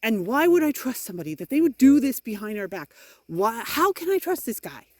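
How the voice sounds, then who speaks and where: A woman's voice: fairly high pitch, big pitch swings, a little fast, dry recording. A middle-aged woman vlogging outdoors while walking in the rain, talking into a phone in a frustrated, emphatic way. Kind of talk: walking vlog monologue.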